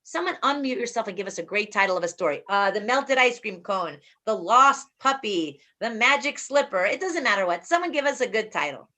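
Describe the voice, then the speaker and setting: A woman's voice: mid-range voice, lively intonation, brisk, hardly any pauses, bright, forceful tone. A woman in her forties hosting an online group workshop over a video call, upbeat, playful and encouraging.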